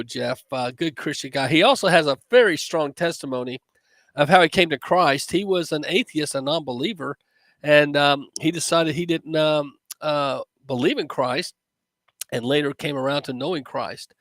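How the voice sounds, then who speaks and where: A man's voice: a little high, a bit bright, no room sound. A man giving casual commentary to his viewers, loose and full of fillers.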